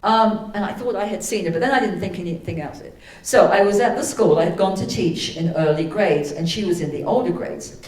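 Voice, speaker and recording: A woman giving a sermon, telling a personal story, then leading a slow, soothing guided meditation. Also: medium pitch, a little mellow. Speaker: spiritual speaker. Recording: echoey hall from far off.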